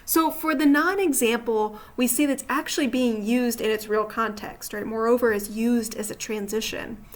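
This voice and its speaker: A woman's voice: a little high, steady tone, moderate pace. A woman teacher patiently walking through slides on a grammar lesson, often checking in with the listener. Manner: patient, explanatory, asks rhetorical check-in questions. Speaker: writing teacher.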